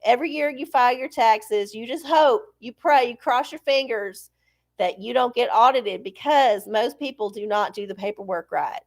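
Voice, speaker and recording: A woman hosting a live oracle stream chats casually, bluntly, and profanely, rambling as she goes. Her voice sits on the high side at a moderate pace.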